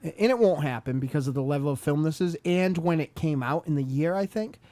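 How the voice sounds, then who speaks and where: A man's voice: fairly high pitch, lively intonation, brisk, warm tone, dry recording. A man on a podcast chatting casually about movies, rambling and hesitant with lots of filler words. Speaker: podcast co-host. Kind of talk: casual film review chat.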